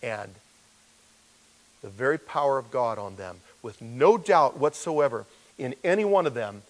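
A man's voice: mid-range voice, animated, a little slow, poor audio. A man as pastor, teaching a verse-by-verse sermon in a conversational way and acting out the voices he quotes.

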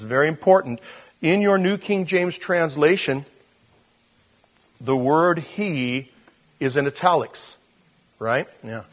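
A man preaching a sermon as pastor, in a conversational way with fillers and restarts, moving between quiet intensity and animated emphasis. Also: fairly high pitch, takes it slowly, pauses often.

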